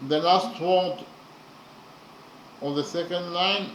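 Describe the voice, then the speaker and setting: Slow, deliberate man in an echoey room. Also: high voice, fairly even intonation, a bit bright. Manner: halting and deliberate, with frequent pauses and "uh"; spells out letters one by one. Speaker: teacher explaining a poem. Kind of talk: slow spoken lesson. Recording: echoey room with faint background noise.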